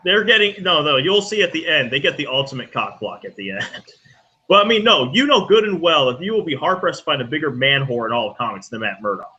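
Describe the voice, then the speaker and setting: A man's voice: fairly high pitch, lively intonation, fast talker, sharp tone. A man co-hosting a casual geek news chat, joking crudely and laughing often between headlines. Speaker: co-host. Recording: lo-fi with faint noise.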